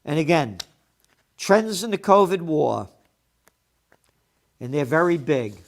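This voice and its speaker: A man's voice: fairly high pitch, sing-song, slow pace, vocal fry. Blunt, profane man ranting on the news. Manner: blunt, profane and sarcastic, with heated outbursts. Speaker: host of a trends commentary show. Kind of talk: opinionated news commentary.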